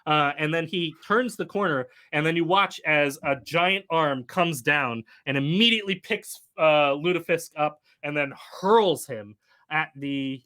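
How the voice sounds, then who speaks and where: Bright-voiced male game master, halting. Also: a little high. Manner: halting, full of fillers and restarts. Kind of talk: narrating a tabletop game.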